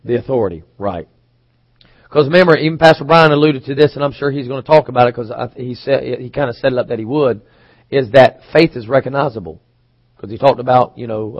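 A man's voice: medium pitch, no room sound, highs cut off. A man preaching a sermon, chatty and questioning, acting out quoted voices, with occasional coughs. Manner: conversational, asks the congregation questions. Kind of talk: sermon teaching.

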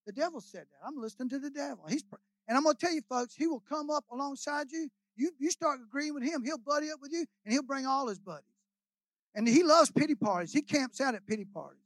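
A man, preaching as a guest pastor in a folksy, joking way, repeating phrases and swinging between quiet asides and loud shouts. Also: very high-pitched, quick pace, no room sound. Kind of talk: sermon.

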